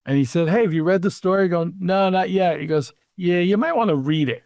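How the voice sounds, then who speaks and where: A man hosting an interview, telling lively anecdotes about his PR career and acting out the quotes. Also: sits high, a little fast, vocal fry, no room sound, clean studio sound. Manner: animated anecdotes, acts out quotes. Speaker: podcast host, PR executive. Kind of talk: casual storytelling interview.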